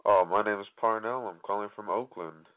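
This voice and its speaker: A man in his twenties calling in to a radio show, speaking in a hesitant, flat, deadpan way. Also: fairly low pitch, fairly quick. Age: 20s. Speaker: caller. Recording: tinny phone line.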